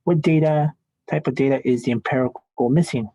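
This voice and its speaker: A man's voice: mid-range voice, brisk, mellow, breathy edge, no echo, rough recording. A man teaching statistics in a classroom lecture, chatty and joking as he thinks aloud at the board.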